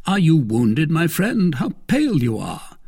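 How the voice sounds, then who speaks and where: A man voicing a phlegmatic male musketeer in a storybook reading, husky, with brisk, commanding delivery. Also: on the high side, sing-song, voice pushed up, full character voice.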